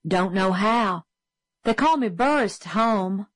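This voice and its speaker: A woman's voice: medium pitch, animated, slow pace, no room sound. A woman voicing a sullen, indifferent schoolboy in a storybook reading, blunt and short-spoken.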